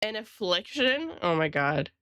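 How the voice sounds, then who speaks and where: A woman's voice: on the low side, very animated, unhurried, a bit bright, clear, resonant tone, no room sound, clean studio sound. A woman streamer and illustrator chatting casually with her live viewers, rambling and greeting them by name.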